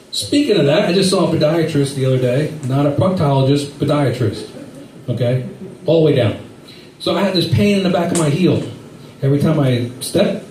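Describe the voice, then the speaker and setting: A man's voice: fairly high pitch, darkish tone, reverberant, distant mic, slight background noise, rough recording. A middle-aged man doing a rambling, self-deprecating stand-up set, acting out quotes along the way. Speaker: stand-up comedian.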